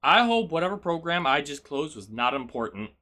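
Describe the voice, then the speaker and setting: A male streamer chats casually with his viewers, chaotic and energetic. His voice sits high and sounds bright and sharp. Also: a little fast.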